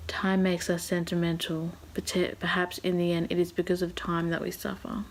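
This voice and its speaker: A woman's voice: fairly low pitch, little pitch movement, normal speed, hardly any pauses, a little hiss or hum. A woman book vlogger reading a novel aloud and giving her emotional reactions, sighing and dropping to a half-whisper at times.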